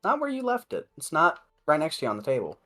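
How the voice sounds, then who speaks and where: A woman's voice: low-pitched, wildly swooping pitch, fast, a bit bright, soft background music. A woman narrating as game master of a tabletop role-playing game in a playful, laughing way.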